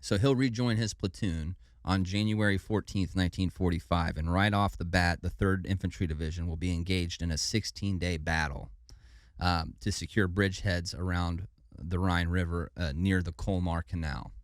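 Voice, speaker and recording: A man's voice: low voice, steady tone, normal speed, no echo, clean studio sound. A man co-hosting a podcast, telling a war story in a casual, laid-back way and stumbling over foreign names. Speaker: podcast co-host.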